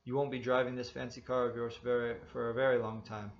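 A man's voice: medium pitch, little pitch movement, quick pace, highs cut off, natural voice. A man reading a story aloud, voicing a stern, bullying motorcycle policeman who barks and snaps his questions. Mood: gloating threat. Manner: barking, sharp, snapping.

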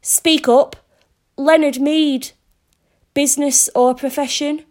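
A woman's voice: fairly high pitch, animated, takes it slowly, a little mellow. A woman voicing a cold, metallic robot police car that barks curt commands and questions in a storybook reading. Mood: interrogating. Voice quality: metallic, hissing.

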